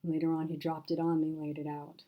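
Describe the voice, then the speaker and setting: A woman voicing a soft-spoken, remorseful woman friend who talks quietly and sighs, her delivery subdued. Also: deep voice, monotone, a little fast, dull audio, close to an everyday voice.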